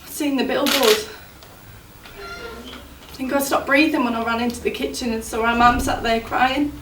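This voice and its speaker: An actress playing a young woman grieving for her injured fiancé, speaking in a halting, tearful stage monologue. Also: high-pitched, close to an everyday voice. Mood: shocked. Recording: roomy, distant mic, faint noise.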